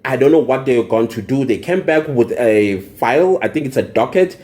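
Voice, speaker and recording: A man's voice: medium pitch, expressive, fairly quick, darkish tone. A young man venting angrily in a personal vlog, indignant and emphatic, repeating phrases for emphasis. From South Africa. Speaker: vlogger. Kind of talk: angry personal vlog rant.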